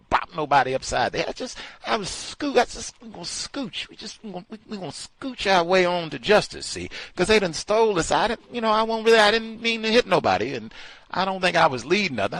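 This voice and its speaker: Stammering, sheepish rioter making excuses, pitched well up, as a man puts him on. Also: fairly bright tone, no room sound, exaggerated voice. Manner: stammering, sheepish, folksy slang. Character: evasive male rioter downplaying his violence.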